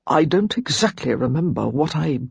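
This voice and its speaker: Gruff brooding lord, low and halting, as a woman narrator puts him on, husky audiobook read. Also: expressive, dry recording, full character voice. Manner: low, quiet and halting, sometimes near a whisper. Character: brooding aristocratic man, gruff and remorseful.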